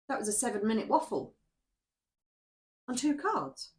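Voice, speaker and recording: Chatty tarot reader woman, higher voice. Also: animated, moderate pace. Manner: chatty and rambling, often asking "yeah?". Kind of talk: casual spoken tarot reading to camera.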